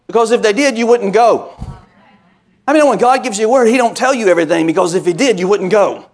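A man's voice: high voice, fast talker, darkish tone. A male pastor preaching a sermon, telling folksy stories with call-and-response asides and building into emphatic, repetitive cadences.

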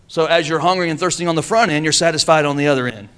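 A man's voice: fairly high pitch, very fast, a bit bright, clear, resonant tone. A man preaching a sermon, calling on the congregation to answer back. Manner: preaching with call-and-response. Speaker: pastor.

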